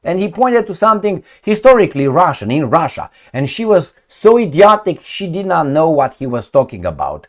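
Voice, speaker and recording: A man hosting a solo political commentary, talking in an animated, mocking way with frequent restarts. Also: fairly high pitch, normal speed, few pauses.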